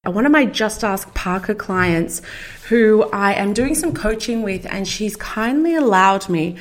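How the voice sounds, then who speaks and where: A woman's voice: medium pitch, a little slow. A middle-aged woman hosting her own podcast, talking casually and enthusiastically as a marketing coach. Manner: upbeat, chatty, enthusiastic. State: out of breath. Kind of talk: casual solo podcast talk.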